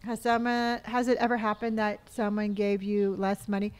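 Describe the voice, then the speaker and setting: Hosting a relaxed live gaming stream, a middle-aged woman from California chats easily, reads out her viewers' comments and murmurs her way through tasks. Her pitch is ordinary for a woman, at normal speed, and the sound is clean.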